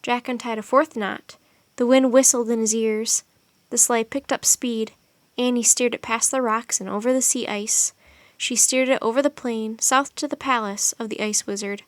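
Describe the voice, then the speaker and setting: A woman narrating a children's chapter book aloud, reading in an expressive, steady way. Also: a little high, normal speed, no room sound. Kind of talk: audiobook narration.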